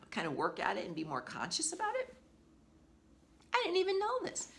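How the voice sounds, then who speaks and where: Woman, middle-aged, animal communicator; casual, heartfelt storyteller with a lowish voice and a very animated pitch. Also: creaky. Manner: chatty, emotional, swooping up high when excited.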